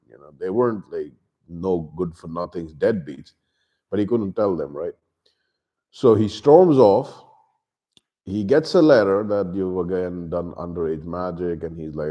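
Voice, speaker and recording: Low, dark-voiced man retelling a story. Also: unhurried. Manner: animated retelling, acting out the characters' lines; loose, with fillers and asides. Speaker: book reviewer. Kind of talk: casual book review.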